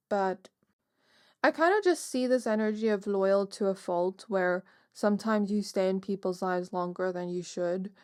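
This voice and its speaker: A woman's voice: medium pitch, a little mellow, no echo, studio quality. A woman giving a casual pick-a-card tarot reading, musing aloud with many fillers. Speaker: tarot reader.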